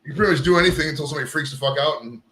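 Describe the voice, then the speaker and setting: A man's voice: a little high, very fast, bright, forceful tone. A man hosting a casual live stream, swearing and rambling while fixing his camera gear. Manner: profane, rambling, fixes gear on air. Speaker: live show host. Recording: roomy echo.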